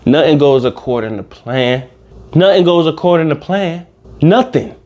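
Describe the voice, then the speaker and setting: High-voiced man rambling to viewers. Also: normal speed, darkish tone, muffled recording. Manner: rambling, preachy, swears freely, talks straight to viewers. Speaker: reaction video host. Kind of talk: casual reaction monologue.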